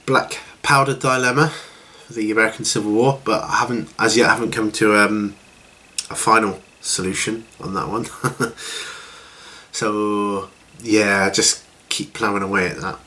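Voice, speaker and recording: A man's voice: fairly low pitch, steady tone, moderate pace, pushed and bright. A middle-aged man chatting casually on his hobby channel, rambling with lots of fillers and restarts. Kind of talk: casual chat.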